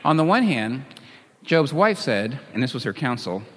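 Animated preacher guy, voice bouncing all over, big echoey church hall. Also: medium pitch, normal speed. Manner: lively, dramatic, reads scripture with emphasis and chuckles. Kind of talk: sermon. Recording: long hall reverb.

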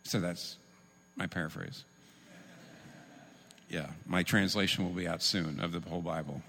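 A man preaching a sermon, teaching in an animated, humorous way with quick asides. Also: sits low. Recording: long reverb in a large hall.

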